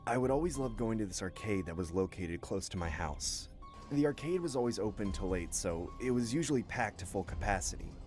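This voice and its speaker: A man reading scary stories aloud in first person at a steady pace, with a few asides of his own. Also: on the low side, brisk. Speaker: horror story narrator. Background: faint music.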